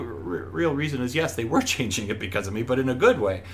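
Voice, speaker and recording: Chatting as a guest in a casual interview, a middle-aged stage actor from Broadway speaks briskly with few pauses over slight background noise. He's an animated storyteller, voicing the characters in his stories with big jumps in pitch.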